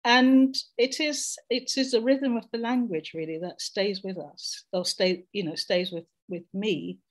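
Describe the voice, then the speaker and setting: A woman's voice: mid-range voice, steady tone, measured pace. Reflective woman, middle-aged, on a call. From Jamaica. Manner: reflective, searching for words. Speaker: discussion panelist. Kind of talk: personal reflection in a group discussion.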